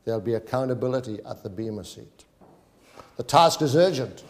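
A man preaches to his congregation with a medium-pitched, expressive voice and a slightly quick pace, reading King James scripture aloud and pleading with his listeners. The sermon echoes with a long hall reverb.

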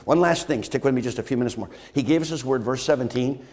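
A male pastor preaching with an emphatic, repetitive cadence and frequent rhetorical questions. His mid-pitched voice rings through a church sanctuary, each phrase trailing into a long hall echo. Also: quick pace, a little mellow. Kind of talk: sermon.

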